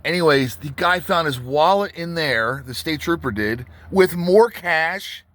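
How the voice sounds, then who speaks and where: A man's voice: fairly high pitch, animated, unhurried, a bit bright. A tattoo artist telling a rambling story in a casual vlog, full of restarts and asides to his viewers.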